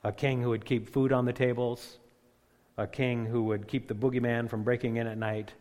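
A man preaching a sermon, slowing on key phrases and building to loud emphatic peaks. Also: mid-range voice, little pitch movement. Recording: long echoing reverb of a large hall.

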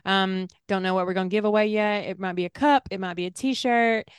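A woman's voice: mid-range voice, fairly even intonation, brisk, smooth, dry recording. A woman with a Southern US accent co-hosting a podcast, chatting casually with many fillers and restarts, and reading a listener's letter aloud. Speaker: podcast co-host.

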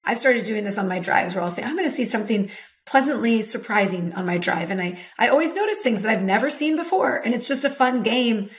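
A middle-aged woman, a podcast guest and women's leadership coach, talking in an upbeat, animated way and laughing easily. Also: fairly high pitch, fairly quick. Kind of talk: conversational interview.

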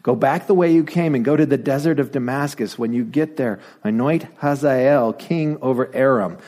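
A male pastor preaching a sermon in a playful, animated way, dropping to whispered asides as he acts out the story. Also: mid-range voice, normal speed.

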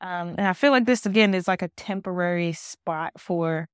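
A woman's voice: on the low side, moderate pace, clear, resonant tone, dry recording, clean studio sound. A woman hosting a solo podcast from her new apartment, telling a story in a loose, rambling way, with lots of "like". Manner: rambling storytelling, heavy use of "like". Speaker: podcast host. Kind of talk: casual solo podcast chat.

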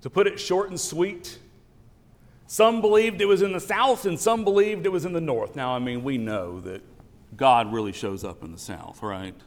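A man giving a sermon as pastor, telling an animated story with wry asides. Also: a little high, moderate pace. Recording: long church reverb.

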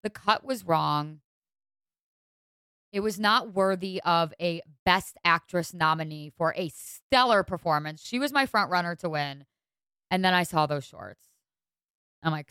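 A young woman hosting a podcast, chatting casually about fashion in an animated, exasperated and gushing way. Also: fairly low pitch, measured pace, pauses often, clear, resonant tone, no room sound. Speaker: podcast host.

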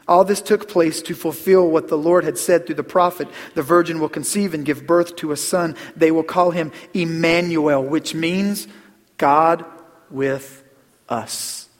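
Earnest pastor in a reverberant church. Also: male voice, fairly high pitch. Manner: earnest, repeats words, drops to a hush on key phrases. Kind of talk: sermon. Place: church sanctuary. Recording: long hall reverb.

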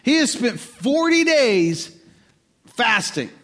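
A man preaching a sermon in a conversational, animated way, with quick asides to the listeners. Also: extremely high pitch. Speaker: pastor.

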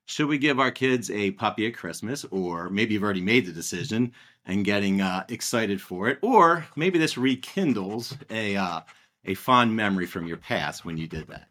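A middle-aged man co-hosting a casual podcast, with a voice that sits on the low side. He tells a family story in a relaxed, rambling way, with plenty of ums and uhs along the way. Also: normal speed. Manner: relaxed storytelling with frequent fillers. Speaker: podcast co-host.

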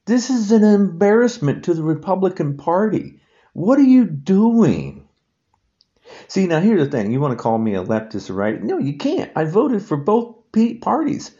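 A man's voice: high-pitched, very animated, normal speed, dark tone, dull audio. A man hosting a solo podcast, talking in an emphatic, repetitive, indignant rant. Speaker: podcast host.

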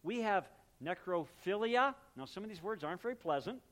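A man preaching a sermon, explaining words and their meanings in a relaxed, talky way and briefly acting out little exchanges between people. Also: sits high, brisk. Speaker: pastor.

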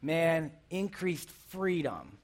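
Youth pastor, man, high voice, chatty sermon that keeps asking the crowd questions. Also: big pitch swings, drawn-out words. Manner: conversational, asks the audience questions. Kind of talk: casual sermon.

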